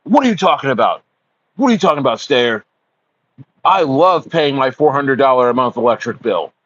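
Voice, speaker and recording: A man's voice: mid-range voice, animated, normal speed, no echo, dull audio, natural voice. A man mimicking a clueless, contented guy. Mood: mocking. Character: clueless, complacent adult man being mocked.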